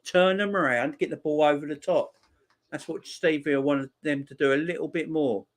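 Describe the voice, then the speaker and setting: A man's voice: fairly even intonation, normal speed. Chatty man hosting a live football watchalong. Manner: chatty, reads and answers viewer comments; reacts loudly to chances on the pitch. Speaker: watchalong host. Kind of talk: live match watchalong commentary.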